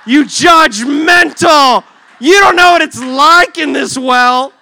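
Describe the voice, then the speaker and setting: Whiny, touchy man stuck in a well, done by a male preacher, high and shrill. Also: slow pace, creaky, pushed and bright, shouting, exaggerated voice. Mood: indignant shouting. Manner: whiny, self-pitying, indignant.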